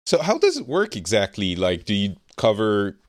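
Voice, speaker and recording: French male podcast host, low lively voice, chatty and self-mocking, dry close mic. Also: normal speed, no room sound. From France. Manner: chatty, laughing, self-deprecating. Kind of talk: casual chat.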